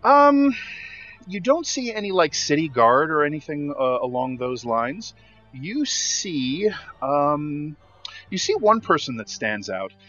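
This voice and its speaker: A man's voice: on the high side, very animated, slow, fairly bright tone, lo-fi sound, faint music behind. A man narrating a tabletop game as game master, with descriptive, filler-heavy speech.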